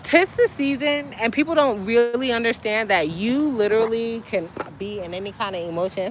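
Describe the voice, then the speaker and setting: A woman hosting a casual livestream outdoors by a street, chatting straight to her viewers and breaking into sudden high exclamations. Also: moderate pace, hardly any pauses, noisy background. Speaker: livestream host. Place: outdoors by a street, waiting for a ride.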